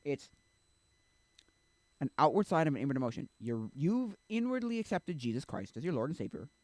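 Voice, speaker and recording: A man's voice: fairly high pitch, fairly quick, no room sound. Rambling man musing on faith. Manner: rambling, self-interrupting, many fillers; animated when acting out quotes. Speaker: streamer. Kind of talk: casual chat about faith.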